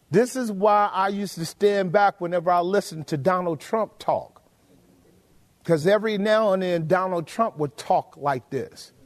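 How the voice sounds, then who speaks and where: Male preacher, high voice, emphatic sermon delivery, reverberant hall sound. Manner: emphatic, rhetorical questions to the congregation.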